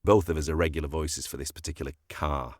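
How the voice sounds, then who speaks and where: An older man tells self-deprecating stories from his voiceover career, with plenty of restarts. His voice sits very low. The sound is close and dry, with no room in it. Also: steady tone, fast talker, dry recording. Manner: anecdotal, self-deprecating storyteller with frequent restarts. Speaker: voiceover artist and actor. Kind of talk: relaxed interview chat.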